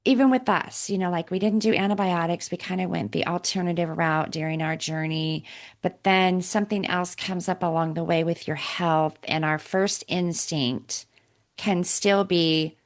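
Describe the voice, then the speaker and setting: A woman's voice: on the low side, fairly even intonation, moderate pace. A woman hosting a podcast interview, reflecting on the guest's story and often checking in with "right?". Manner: reflective, affirming with frequent "right?". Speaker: podcast host. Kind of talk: casual interview chat.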